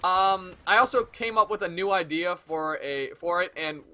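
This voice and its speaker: Brief: late-teen male commentator, very bright, slightly high voice, loose and profane. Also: steady tone, normal speed. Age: late teens. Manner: rambling, profane, jokey. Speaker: gaming video commentator. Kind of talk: casual rambling commentary.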